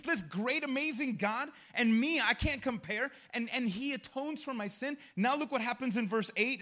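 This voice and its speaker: Pastor guy preaching casual, slangy, acts out his stories, kinda high voice. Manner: animated, acts out his own reactions. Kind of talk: sermon.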